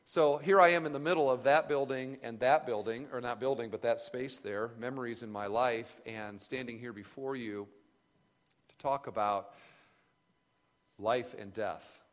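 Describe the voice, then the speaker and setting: A man giving an earnest, reflective sermon at a camp retreat, pausing and restarting as he speaks. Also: mid-range voice. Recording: long reverb of a large hall.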